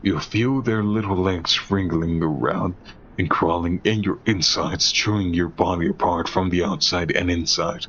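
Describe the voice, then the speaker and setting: A man narrating a second-person horror story in a slow, deliberate, ominous way. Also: low-pitched, fairly bright tone, dull audio, a little hiss or hum.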